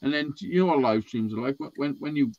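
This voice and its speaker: A man's voice: mid-range voice, fast. A man telling a rambling, sweary story in casual podcast chat, acting out what people said. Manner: sweary, animated, acts out quotes. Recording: dull lo-fi sound.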